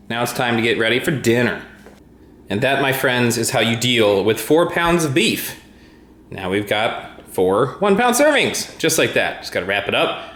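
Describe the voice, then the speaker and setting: A man in a casual home vlog, talking loosely to the camera and filling pauses with uhs and ums. His voice sits at an ordinary middle pitch. The room around him rings with noticeable echo. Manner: rambling, relaxed, many uhs and ums. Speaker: tech YouTuber vlogging his day. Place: at home indoors.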